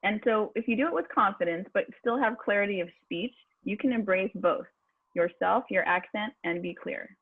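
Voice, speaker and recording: A woman's voice: medium pitch, normal speed, breathy edge. Encouraging woman voice coach on a tinny call. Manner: upbeat and encouraging, laughs often. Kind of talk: online speaking workshop. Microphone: video call. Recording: tinny phone-like video call audio.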